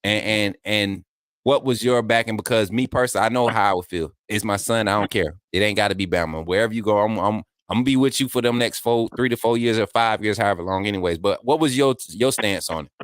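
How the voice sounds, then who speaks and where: A man's voice: on the low side, fast, smooth, no room sound, clean studio sound. Joking male podcast host. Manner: joking, lively, conversational. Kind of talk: casual interview.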